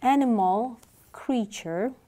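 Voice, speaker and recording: A woman's voice: a little high, takes it slowly, warm tone. Woman, English teacher, patient, repeats and asks questions. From Georgia. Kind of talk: classroom lesson.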